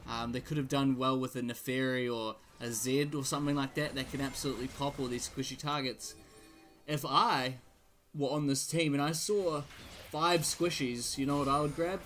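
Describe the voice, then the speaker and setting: A man casting a live esports match play-by-play, his excitement climbing in big fights, with jokey asides between plays. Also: mid-range voice, moderate pace, faint music behind. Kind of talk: live game commentary.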